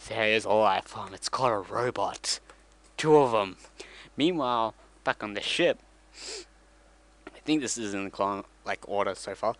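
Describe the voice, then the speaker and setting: A man's voice: fairly low pitch, normal speed, long pauses, a bit bright. Casual male vlogger, rambling comic retelling, self-correcting.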